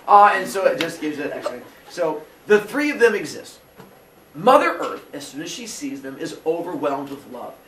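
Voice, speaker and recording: A man teaching a class tells an old myth as a comic story and slips into quick voices for each character. His voice sits a little high and swings widely in pitch. He sounds set back from the mic in an echoey room, with a faint hiss of noise behind him. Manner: animated, jokey, acts out characters in quick voices. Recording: roomy echo from far off with faint noise.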